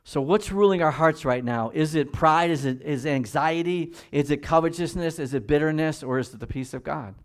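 A man preaching a sermon as pastor, reading scripture slowly and swinging between quiet, measured emphasis and loud, high-pitched exhortation. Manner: reads scripture slowly and deliberately.

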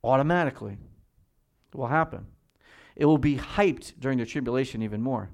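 A man preaching a sermon as pastor, reading scripture slowly and swinging between quiet, measured emphasis and loud, high-pitched exhortation. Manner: reads scripture slowly and deliberately.

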